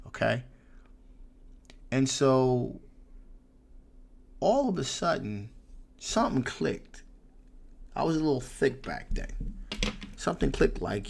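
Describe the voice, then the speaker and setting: A man hosting his channel, telling a personal story in a casual, animated way, swearing freely. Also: mid-range voice, slow, gravelly, pauses often. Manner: animated, profane, laughs through the story. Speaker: tarot reader and channel host.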